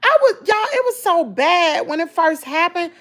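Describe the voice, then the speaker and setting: A woman's voice: very high-pitched, normal speed. A middle-aged woman with a Southern accent, talking casually and emotionally to her viewers about hard times. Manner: emotional, animated storytelling, addresses viewers as y'all. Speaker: vlogger.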